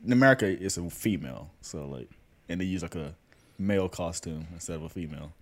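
A man's voice: deep voice, quick pace. A man co-hosting a casual podcast chat, laid-back and chuckling, speaking into a new desk microphone. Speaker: podcast co-host.

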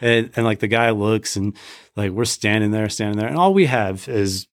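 A man's voice: lowish voice, moderate pace, dry recording, clean studio sound. A man telling a long personal story in casual chat, acting out the quotes of the people in it. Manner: animated storyteller, acts out quotes. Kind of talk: casual faith podcast chat.

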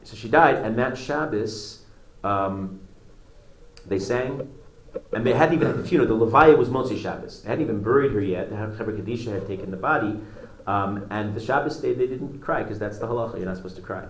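A male religious teacher tells a story in a halting way, often restarting his phrases. His voice rings in an echoey room with a faint hiss behind it. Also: fairly low pitch. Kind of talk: storytelling Torah class.

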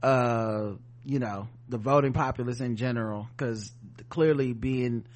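A man's voice: medium pitch, steady tone, a little slow. A man co-hosting a podcast, reading news headlines and riffing on them in casual, sardonic, profane chat. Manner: profane, sardonic, reads headlines then riffs. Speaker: podcast co-host.

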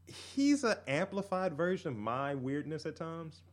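Animated, profane podcast co-host man. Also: a little high, measured pace. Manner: profane, animated storytelling with whispered asides. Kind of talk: casual chat.

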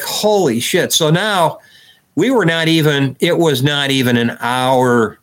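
Male podcast guest, mid-range voice, animated storyteller who acts out quoted dialogue. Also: mid-range voice. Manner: detailed, recounting step by step with restarts. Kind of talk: conversational storytelling.

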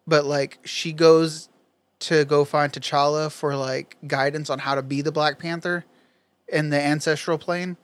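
A man's voice: on the high side, little pitch movement, measured pace, smooth, no echo. Profane, rambling man in casual chat. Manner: loose, profane, rambling storytelling. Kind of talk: casual chat among friends.

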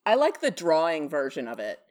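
A woman's voice: deep voice, huge pitch swings, fairly quick, a little mellow. A woman co-hosting a podcast in casual chat, laughing often and reading listener comments aloud. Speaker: podcast co-host.

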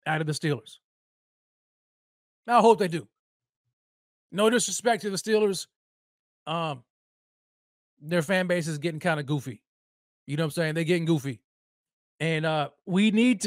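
A man's voice: fairly high pitch, no room sound, clean studio sound. A man hosting a solo sports podcast, mocking and heated, hammering points by repeating himself. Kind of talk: solo sports commentary rant.

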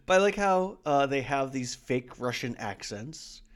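Casual male podcast co-host; animated, rambling, quick to laugh. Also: medium pitch. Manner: rambling, laughs often, retells scenes. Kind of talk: casual rewatch podcast chat.

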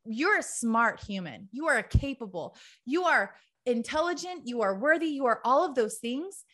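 A woman with a high, bright voice delivering a tough-love motivational talk. She hammers her points through repetition and blunt emphasis, talking straight to her audience. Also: animated, moderate pace. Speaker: motivational speaker. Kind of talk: direct-to-camera motivational talk.

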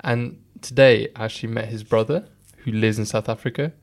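A man's voice: medium pitch, fairly even intonation, a little fast, creaky. A man hosting a podcast, chatting playfully with lots of fillers. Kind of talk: casual chat.

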